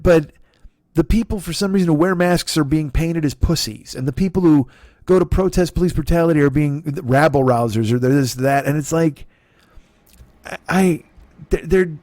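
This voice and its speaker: A comedian and podcast host who rants angrily and sarcastically, swearing constantly. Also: male voice, on the high side, darkish tone, dry recording. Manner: angry, profane, sarcastic ranting. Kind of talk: profane comic rant.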